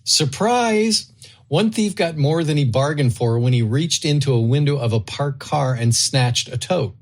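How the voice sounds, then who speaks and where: A man's voice: medium pitch, steady tone, normal speed, a little mellow. A man co-hosting a podcast, reading odd news stories aloud and laughing often. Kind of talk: casual chat.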